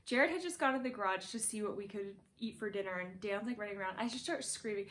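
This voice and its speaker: A woman's voice: fairly high pitch, brisk. A young woman casually telling a birth story from her bedroom, chatty and laughing, full of "like".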